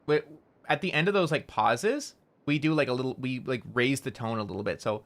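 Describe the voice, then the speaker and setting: Bright-voiced Canadian man rambling. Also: medium pitch, a little fast. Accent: rural Canadian. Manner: rambling, heavy use of "like", casual swearing. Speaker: streamer. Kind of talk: casual chat while gaming.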